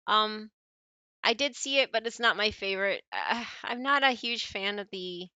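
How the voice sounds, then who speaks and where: A woman's voice: medium pitch, sing-song, moderate pace, bright, forceful tone, dry recording, muffled recording. An American woman streaming, chatting casually with her chat, laughing often and rambling with lots of fillers. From United States. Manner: giggly, rambling, apologetic, many fillers.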